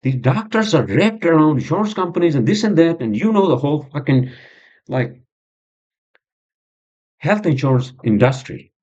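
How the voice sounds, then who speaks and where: Agitated swearing man, lively pitch. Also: moderate pace, pauses often, slightly rough. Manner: agitated, swearing, rambling with many fillers. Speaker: podcast host. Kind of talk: frustrated monologue. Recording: dull lo-fi sound.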